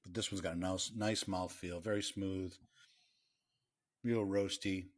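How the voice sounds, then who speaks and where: A middle-aged man from Massachusetts co-hosting a podcast, chatting in a relaxed, meandering way with many pauses. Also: low-pitched. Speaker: podcast co-host. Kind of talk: casual chat over beer tasting.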